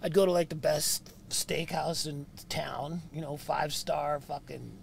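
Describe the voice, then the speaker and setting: A man telling a rowdy, profane story as a podcast guest in a van, loud and laughing as he goes. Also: on the high side, fairly even intonation, unhurried, creaky, over a noisy crowd. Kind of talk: storytelling anecdote. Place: inside a van.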